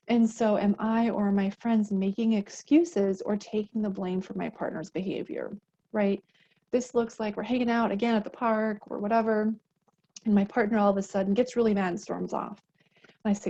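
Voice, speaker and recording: Conversational woman advocate, mellow lo-fi sound. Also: mid-range voice, moderate pace, creaky. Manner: conversational, acts out example dialogues; often adds a tag question at the end of points. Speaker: domestic violence advocate. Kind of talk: educational talk on unhealthy relationships.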